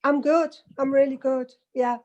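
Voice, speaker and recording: A woman's voice: high-pitched, steady tone, measured pace, dull audio. A woman from England chatting on an online meeting call, a giggly storyteller. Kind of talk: casual video call chat. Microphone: video call.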